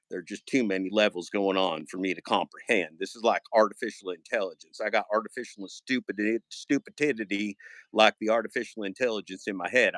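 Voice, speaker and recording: A man's voice: lowish voice, pushed and bright, dry recording. A man on a casual livestream, rambling with sarcastic, taunting jokes while holding his phone. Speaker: live streamer. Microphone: phone held in hand.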